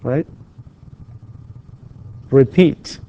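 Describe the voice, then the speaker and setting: A man's voice: drawn-out words, warm tone, highs cut off. A male university English lecturer, giving a recorded lesson and patiently repeating questions for his students. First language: Arabic.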